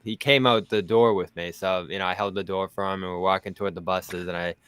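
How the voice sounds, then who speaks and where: Chatty Boston man, smooth low voice. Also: fairly even intonation, a little fast, a bit bright, dry recording. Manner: chatty, laughs often, tells anecdotes. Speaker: basketball podcast panelist. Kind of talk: casual sports chat.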